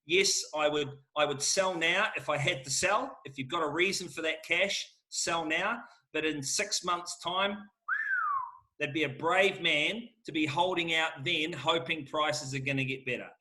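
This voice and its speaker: A man's voice: fairly high pitch, a little slow, bright, forceful tone. A middle-aged man, answering questions as an auctioneer in an emphatic, fired-up salesman manner. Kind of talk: lively Q&A answers.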